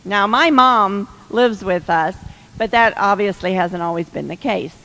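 Woman, advice speaker, slow and chatty with a teasing edge, hall reverb. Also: medium pitch, fairly bright tone. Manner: chatty, laughing, teasing asides. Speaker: speaker giving marriage advice to women. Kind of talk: humorous advice talk to a live audience.

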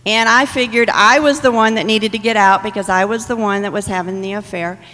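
A woman's voice: mid-range voice, fairly even intonation, fairly quick, bright, forceful tone, big-room sound, poor audio. A middle-aged woman telling her personal testimony to a congregation in a candid, conversational way. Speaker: church member giving testimony.

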